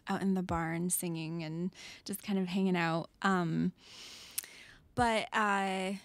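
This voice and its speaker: A woman's voice: fairly low pitch, steady tone, takes it slowly, no echo. A young adult woman, a singer-songwriter guest, chatting casually in a studio interview and laughing often. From Metro Detroit. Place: radio studio.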